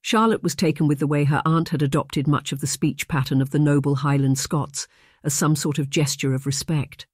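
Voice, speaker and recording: An audiobook narrator reading a historical romance in a steady, measured storytelling manner. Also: medium pitch, no room sound, clean studio sound.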